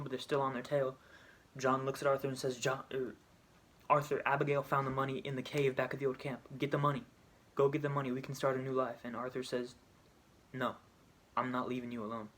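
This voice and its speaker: A man's voice: medium pitch, fairly bright tone, a little hiss or hum. A man casually retelling a video game story, rambling, restarting and correcting himself as he goes. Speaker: video creator.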